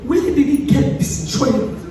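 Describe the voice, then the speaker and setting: A Nigerian woman giving an earnest, pleading tribute speech, often quoting a friend. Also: slow. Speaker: speaker at a tribute event. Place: large event hall. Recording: echoey hall from far off, background noise.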